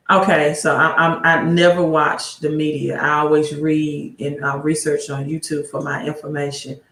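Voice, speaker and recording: A woman's voice: low voice, fairly bright tone. A woman hosting a casual livestream about money, rambling, greeting viewers by name and asking rhetorical questions. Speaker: livestream host giving financial advice. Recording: roomy echo.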